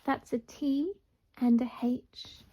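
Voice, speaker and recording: Woman doing a kids phonics lesson, sounds words out real slow, kinda muffled lo-fi audio. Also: high-pitched, fairly even intonation, dark tone, slight background noise. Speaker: teacher. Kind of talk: phonics lesson for young children. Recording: dull lo-fi recording.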